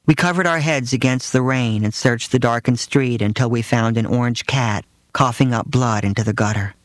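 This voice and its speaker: A man's voice: medium pitch, normal speed, no echo. A man narrating his own first-person memoir in a dry, matter-of-fact way.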